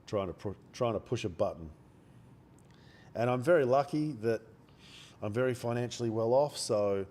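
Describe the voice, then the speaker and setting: A man with a cold, talking quietly and bluntly into a close microphone during a day-trading live stream, swearing now and then. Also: fairly low pitch, a little hiss or hum. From Australia. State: has a cold. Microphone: microphone held very close.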